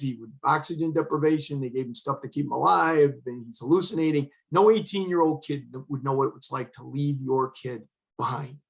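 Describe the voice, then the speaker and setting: Older man with a gravelly voice telling a personal story. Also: on the high side, rough recording. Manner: emotional, earnest, quotes others in dialogue. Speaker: retired fire chief.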